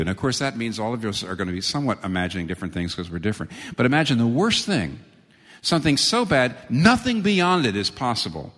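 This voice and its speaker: A man preaching in a low voice whose pitch swings widely, jumping up for the quoted lines. His sermon rings with the long reverb of a large hall, as in a church sanctuary. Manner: animated, rising sharply for quoted lines.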